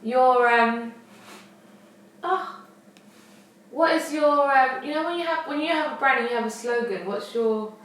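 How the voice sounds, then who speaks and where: A woman's voice: sits high, unhurried, long pauses, a bit bright. A woman co-hosting a podcast, rambling as she searches for words and laughs it off. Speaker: podcast co-host. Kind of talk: casual chat. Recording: roomy echo, distant mic.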